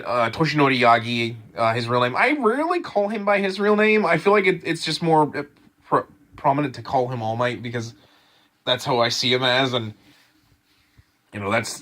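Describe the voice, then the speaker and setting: A man casually rambling through an anime episode review, full of fillers, restarts and excitement. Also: mid-range voice.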